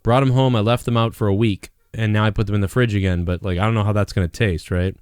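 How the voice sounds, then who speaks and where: Male stream host, low-ish smooth voice, rambling casual delivery, dry sound. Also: fairly even intonation, fast, a little mellow, no room sound. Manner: rambling, laughs often, repeats himself. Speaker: host of a live call-in show. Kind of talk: casual live-stream chat.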